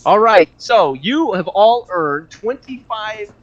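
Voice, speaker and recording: A man narrating a tabletop game as game master, halting with fillers and restarts. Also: sits high, lively intonation. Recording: dull lo-fi audio.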